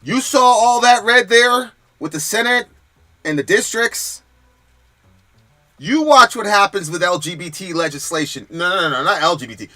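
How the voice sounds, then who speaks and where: A man's voice: sits high, lively intonation, moderate pace, pushed and bright, faint music behind. A man hosting a political commentary stream, talking in a heated, emphatic and profane way. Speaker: host.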